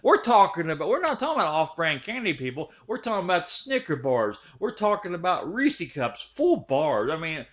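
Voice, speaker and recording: A man's voice: fairly high pitch, very animated, moderate pace, few pauses. A man in his fifties from Ohio telling a childhood story in a rambling, folksy way, with many restarts. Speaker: storyteller, channel host. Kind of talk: casual spoken storytelling. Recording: dull lo-fi recording.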